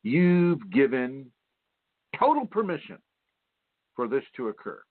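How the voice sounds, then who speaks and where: A man hosting a spiritual radio talk show, teaching in an animated way, mimicking whiny voices and laughing often. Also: medium pitch, slow pace, no room sound. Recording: tinny phone line, dry.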